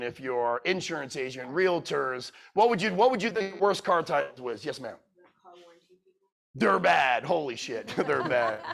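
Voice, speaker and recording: A man giving a motivational talk to a live audience. He speaks bluntly, swears freely, quizzes the crowd, and swings from loud urging to quiet, emotional storytelling. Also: fairly high pitch, gravelly. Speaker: keynote speaker.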